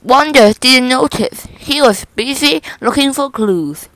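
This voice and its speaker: A woman reading a children's picture book aloud in a slow, careful manner. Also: high-pitched, lively intonation, a bit bright, dry recording, rough recording. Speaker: storybook reader.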